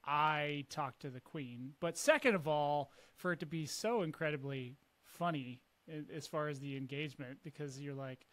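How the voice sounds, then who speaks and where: A man's voice: fairly high pitch, normal speed, a bit bright. A man hosting a casual interview, responding to his guest with affirmations and thinking aloud. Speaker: podcast host.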